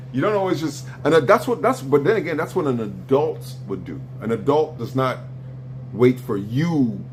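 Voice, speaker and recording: A man hosting a live stream, lecturing bluntly with profanity and sharp swings in pitch during a heated argument. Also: lively intonation, moderate pace, a little hiss or hum.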